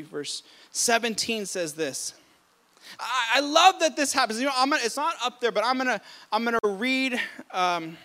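A male pastor with a strikingly high, bright, forceful voice delivers an impassioned sermon. He swings between quiet, reflective passages and sudden loud emphatic bursts. He often repeats and restarts words mid-sentence as he preaches.

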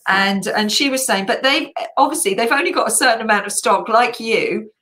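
A woman's voice: fairly high pitch, a little fast, sharp tone. Chatty middle-aged woman hosting a live chat. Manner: chatty, rambling, with fillers and self-corrections. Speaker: host.

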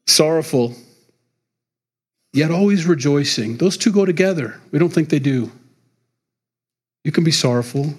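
A man's voice: on the high side, lively intonation, measured pace, long pauses, husky. A middle-aged man preaching a sermon as pastor, talking in a loose, conversational way and chuckling between points.

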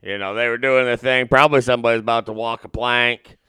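A man's voice: mid-range voice, steady tone, quick pace, bright, forceful tone, smooth, no echo. A man in casual banter, crude and jokey, talking in a laid-back way.

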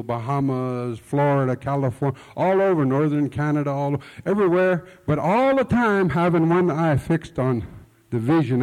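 A man's voice: on the high side, a little mellow. A man preaching a sermon in a folksy, conversational storytelling manner, often repeating words, with nonstandard grammar. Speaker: pastor. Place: church hall. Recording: long hall reverb.

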